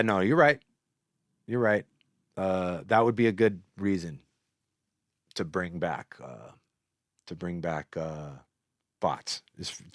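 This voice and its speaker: Low-voiced man, animated and profane. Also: no echo, studio quality. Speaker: host. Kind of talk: casual rambling monologue.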